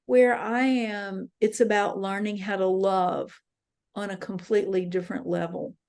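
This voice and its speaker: Woman retelling a calm departed daughter. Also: mid-range voice, measured pace, creaky. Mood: serene.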